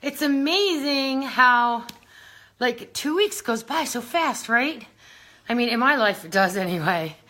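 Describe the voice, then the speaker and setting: A woman's voice: fairly high pitch, animated, measured pace, bright, forceful tone. A woman hosting a casual live stream, a little out of breath, chatting and laughing as she greets viewers by name. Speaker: beauty brand founder hosting a live stream.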